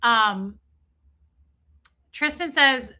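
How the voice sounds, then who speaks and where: A woman's voice: fairly high pitch, drawn-out words. A woman in her forties hosting a live stream, chatting casually and crudely while reading viewer comments aloud. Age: 40s. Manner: crude, joking, animated, reads chat aloud. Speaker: livestream host reading chat.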